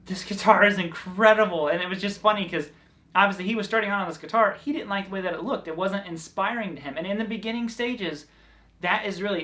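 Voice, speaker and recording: A man's voice: sits high, bright, forceful tone. Southern man, guitar teacher, casual rambling delivery with fillers. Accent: Southern American. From American South. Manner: chatty, loose, full of fillers and restarts. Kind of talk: casual guitar lesson vlog.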